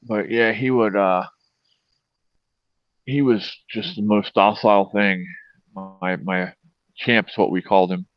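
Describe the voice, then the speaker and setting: A man's voice: lowish voice, fairly even intonation, slow, long pauses, no echo. A middle-aged man from Pennsylvania hosting a casual chat, telling long profane farm stories. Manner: rambling, profane, anecdotal. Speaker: host. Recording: dull lo-fi sound, dry.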